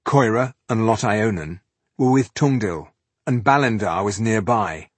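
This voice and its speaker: Husky low-voiced male audiobook narrator. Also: animated, no echo. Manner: measured, dramatic storytelling. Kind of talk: scripted narration.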